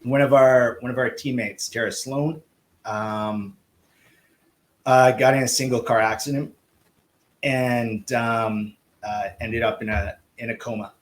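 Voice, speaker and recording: Man telling a lively coaching story. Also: mid-range voice, measured pace, low-quality recording. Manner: lively, acts out quoted dialogue. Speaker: guest, swim coach. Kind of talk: casual anecdotal storytelling.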